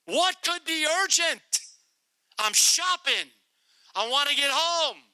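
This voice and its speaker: A middle-aged man telling a testimony to a youth group and praying, in an animated, comic, repetitive storytelling manner. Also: very high-pitched, slow pace, dry recording, low-quality recording. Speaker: guest speaker to youth group.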